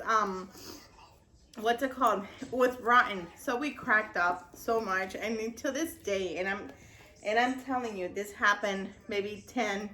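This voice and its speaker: Bright, laughing woman telling a story. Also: a little high, slight background noise. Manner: acts out both sides of a conversation. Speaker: vlogger. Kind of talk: casual storytelling.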